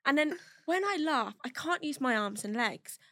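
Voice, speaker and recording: A woman telling a comic story on a podcast, animated and often breaking into laughter. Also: high voice, normal speed, dry recording, studio quality. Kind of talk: casual storytelling chat. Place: podcast studio.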